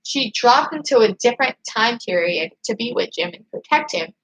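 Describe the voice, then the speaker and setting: Excitable young woman fan streaming live. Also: fairly high pitch, normal speed, husky, low-quality recording. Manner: excited, emphatic, gushing fan talk. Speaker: livestream host. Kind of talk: casual livestream chat reading viewer comments.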